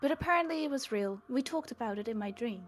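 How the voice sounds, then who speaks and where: A woman's voice: fairly high pitch, animated, fast. A woman playing in a tabletop game, chatting casually and playfully arguing the rules. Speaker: player.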